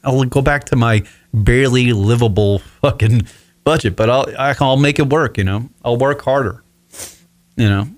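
A man's voice: mid-range voice, normal speed, no echo. A man in his forties hosting a solo radio show from his apartment, talking in a rambling, profane, emotional way. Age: 40s. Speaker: podcast host.

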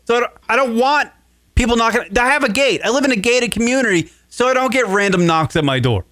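A man's voice: very high voice, fast, no echo. A man hosting a radio talk show, rambling and swearing as he retells a story in casual comedic chat. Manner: profane, rambling, animated retelling.

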